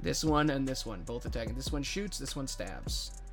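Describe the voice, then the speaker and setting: A man narrating as game master of a tabletop game, casual with dramatic pauses. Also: mid-range voice, lively intonation, over music.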